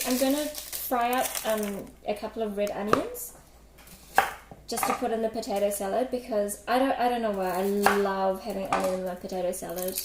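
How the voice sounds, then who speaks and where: A woman's voice: medium pitch, noisy background. A woman hosting a casual cooking livestream, chatty and giggly, full of fillers, reading out chat while she preps food. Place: home kitchen. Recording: echoey kitchen with loud clatter. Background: kitchen clatter, chopping and dishes.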